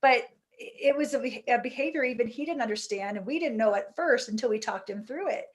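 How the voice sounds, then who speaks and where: A woman, a teacher, gently telling a story in a casual discussion. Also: fairly high pitch, fairly quick.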